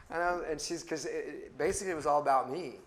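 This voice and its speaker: A man's voice: on the high side, fast. A man leading a Bible study class, speaking conversationally, putting questions to the group and often restarting his phrases. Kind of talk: interactive class teaching.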